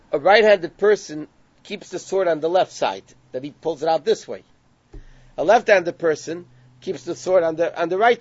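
A man with a high voice teaches a Gemara lesson, retelling the story and translating each Hebrew phrase as he goes. The recording is dry and a bit dull, with no room sound. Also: dry recording. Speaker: Torah teacher.

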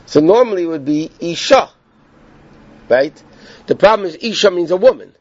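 A man whose voice sits high, with lively intonation and a slightly mellow quality, teaches a Torah class at a normal pace. Going through a text step by step, he repeats points and checks in with students using "okay?". It's a dull, lo-fi, dry recording.

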